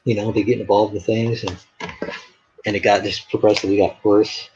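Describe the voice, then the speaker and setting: In a lowish, slightly mellow voice with flat delivery, a man talks briskly while hosting his art live stream. His casual chat drifts into rambling stories with lots of fillers, and the dull lo-fi audio carries a little hiss or hum.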